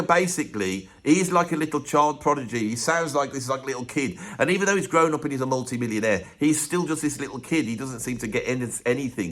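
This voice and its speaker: A man's voice: mid-range voice, a bit bright. A man hosting a ranked music commentary, chatty and opinionated with joking asides. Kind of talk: casual ranked commentary monologue.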